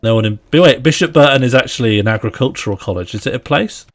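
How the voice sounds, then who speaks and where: Quick-paced and medium in pitch, a man talks casually on a gaming live stream. He trades playful remarks with viewers and friends, breaks into laughter often, and comments to himself as he plays.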